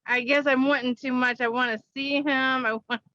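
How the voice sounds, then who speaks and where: Woman client, unsure and halting, slightly high, lo-fi dry recording. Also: steady tone, a bit bright, no room sound. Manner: hesitant, laughs often. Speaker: client at a reading. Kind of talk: casual conversation.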